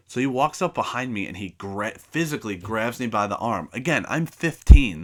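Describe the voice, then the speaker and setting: A man hosting his own podcast, telling a high school story in casual, profane chat and acting out both sides of the dialogue. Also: a little fast. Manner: profane, animated anecdote telling with acted-out dialogue. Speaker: podcast host.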